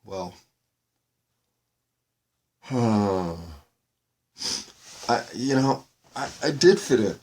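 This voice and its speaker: A man hosting a solo podcast, talking in a slow, halting way as he searches for words, his voice breaking with tears. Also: medium pitch, lively intonation, a little mellow. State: tearful, voice breaking. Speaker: podcast host. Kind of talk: reflective solo monologue.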